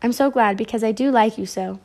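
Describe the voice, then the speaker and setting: A woman's voice: a little high, a little fast, a little mellow, natural voice. A woman reading a kind young girl. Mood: tender.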